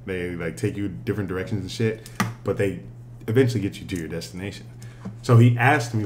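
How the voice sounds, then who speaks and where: A man co-hosting a podcast, telling a travel story with lively, casual swearing. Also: deep voice, fast, faint music behind. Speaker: podcast co-host. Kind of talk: casual chat.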